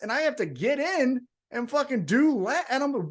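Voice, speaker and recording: A man's voice: extremely high pitch, normal speed, hardly any pauses. A man co-hosting a wrestling podcast, telling a long story in a loose, profane way and acting out the people in it. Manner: animated, profane, acts out voices in the story. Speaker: podcast co-host.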